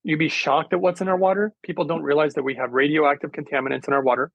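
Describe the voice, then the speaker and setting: A man's voice: fairly high pitch, fairly even intonation, fast talker, creaky, no room sound, lo-fi sound. A man speaking as a guest in a casual interview, earnest and rambling, with many fillers. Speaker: guest, hydrogen therapy specialist.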